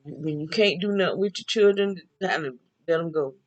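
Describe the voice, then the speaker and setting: A woman's voice: on the low side, brisk, highs cut off. An older woman chatting alone on camera, telling family stories and laughing often. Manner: chatty, laughs often, talks back and forth with herself. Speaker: vlogger. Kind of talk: casual storytelling monologue.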